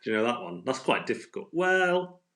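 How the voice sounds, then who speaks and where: A man's voice: mid-range voice, sing-song, a little fast, a bit bright. A man hosting a casual live-stream quiz from home on a phone, chatty and playful, laughing often. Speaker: quiz host.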